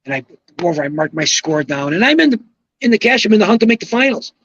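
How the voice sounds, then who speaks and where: An older man telling an animated story as a podcast guest, excitable, swearing and acting out quotes. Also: high voice, fast talker, muffled recording, a little hiss or hum.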